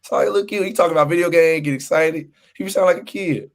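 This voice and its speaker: A man's voice: fairly high pitch, fast. A man co-hosting a casual sports podcast, ranting with lots of repetition and laughter. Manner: animated ranting, repeats himself, laughs often. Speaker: podcast co-host.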